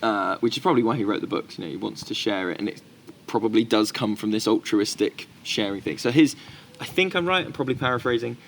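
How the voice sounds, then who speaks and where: A man's voice: on the low side, quick pace, few pauses, slight background noise. Man telling stories animatedly. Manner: animated storytelling, voices quoted people. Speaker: podcast co-host. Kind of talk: casual chat.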